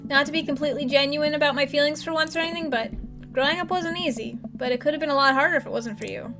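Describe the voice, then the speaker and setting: Brief: woman reading as a sassy teenage-ish daughter, high and bright, wry delivery, game music under. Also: quick pace. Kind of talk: let's play voice acting.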